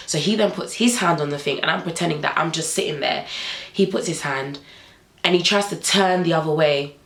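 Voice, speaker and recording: A woman's voice: sits low, a little fast, roomy sound, rough recording. A young woman vlogger telling a story animatedly, acting out the dialogue.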